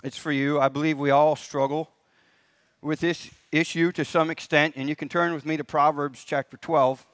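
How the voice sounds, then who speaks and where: A man's voice: on the high side, level tone, moderate pace, fairly bright tone, no room sound. A man preaching a sermon in church, in a folksy manner with rising emphasis on key points. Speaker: pastor. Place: church sanctuary.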